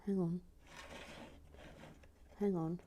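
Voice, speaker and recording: A woman hosting a relaxed real-time LEGO build, murmuring to herself, often slipping into a whisper, and reading out viewer comments. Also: fairly low pitch, drawn-out words.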